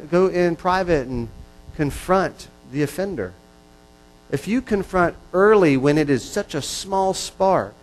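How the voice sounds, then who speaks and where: A man's voice: on the high side, low-quality recording. A man preaching a sermon in an earnest, repetitive style that builds in intensity. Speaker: pastor.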